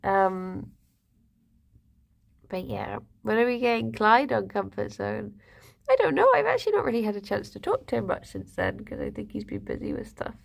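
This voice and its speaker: A woman's voice: mid-range voice, huge pitch swings, normal speed, creaky. A young woman streaming live, chatting casually with viewers and rambling to her pet rabbits. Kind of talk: casual chat reading viewer comments.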